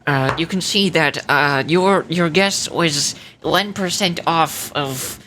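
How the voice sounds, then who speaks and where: A woman's voice: sits low, slow, fairly bright tone, a little hiss or hum, voice pushed down. A woman putting on the voice of a pedantic know-it-all nerd who stammers and hedges. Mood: smug. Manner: stammering, nasal "um, actually" delivery.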